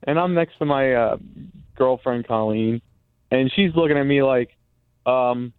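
A male caller on a tinny phone line, rambling through a long story with lots of restarts, at a middle pitch and with a dry sound. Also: a little slow, smooth, no echo. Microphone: telephone.

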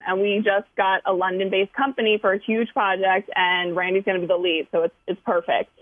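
A chatty woman guest talks on morning radio, giggling easily. Her voice sits at an ordinary middle pitch. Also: flat delivery, a little fast, no echo, phone-quality sound. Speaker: guest, office coworker. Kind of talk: radio chat.

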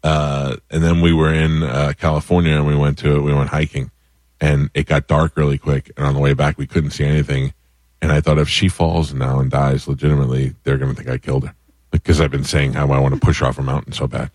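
A man hosting a radio talk show, trading deadpan jokes. His voice is very low. The sound is dry and close. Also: a little fast, dry recording. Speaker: radio host. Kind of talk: comic radio chat.

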